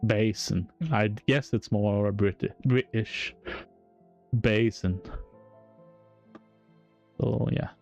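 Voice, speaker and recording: A man with a French accent, a native French speaker, explains game code on a live stream in a halting, self-correcting way, chuckling at his own slips. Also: fairly low pitch, fairly even intonation, gravelly, darkish tone, soft background music.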